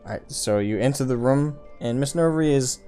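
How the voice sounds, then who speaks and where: A man narrating as game master of a tabletop game, relaxed and matter-of-fact. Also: medium pitch, a little fast, soft background music.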